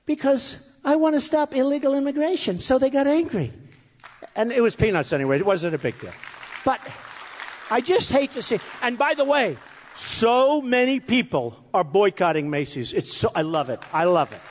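Male candidate, rambling rally speech, boastful and repetitive, lively swooping delivery, reverberant hall. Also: extremely high pitch, normal speed, slight background noise. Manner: boastful, rambling, repeats phrases; mocks his critics in quoted voices. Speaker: political candidate addressing a rally. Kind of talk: off-the-cuff campaign speech. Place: hot crowded room with an audience. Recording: echoey hall, faint crowd.

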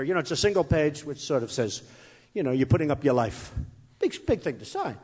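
A man's voice: a little high, very animated, fairly quick, darkish tone, slightly rough. A man giving an off-the-cuff campaign speech to a rally audience, boastful and rambling, repeating his phrases and mocking his critics. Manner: mocks his critics in quoted voices. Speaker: political candidate addressing a rally. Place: hot crowded room with an audience. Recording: echoey hall, faint crowd.

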